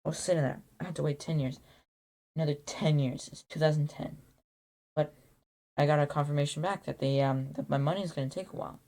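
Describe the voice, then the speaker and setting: A man telling an absurd made-up origin story in a rambling, deadpan way, full of restarts and acted-out quotes. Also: on the high side, a little fast, vocal fry. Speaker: YouTuber.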